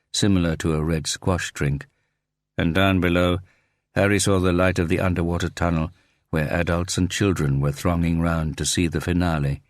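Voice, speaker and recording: A man reading a thriller audiobook in a steady, measured narration. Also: low voice, no room sound.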